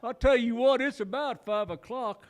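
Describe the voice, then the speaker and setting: A comedian playing a lazy, folksy highway road-crew foreman who drawls in an easygoing way. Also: moderate pace. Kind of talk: stand-up comedy bit.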